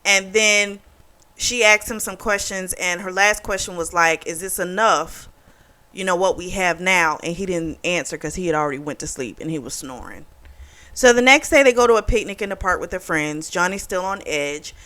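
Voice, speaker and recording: A woman's voice: on the low side, normal speed, pushed and bright. A woman hosting a book club, retelling a novel's plot in a casual, profane, indignant way and voicing the characters' quotes. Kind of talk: casual book review recap.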